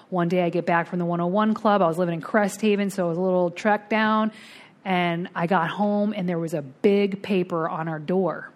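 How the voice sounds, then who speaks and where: A middle-aged woman tells her recovery story to a twelve-step group. She talks plainly and candidly, at a pitch in the middle of the range for women. She brings her story to life by acting out what everyone said. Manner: candid, animated, acts out quoted voices.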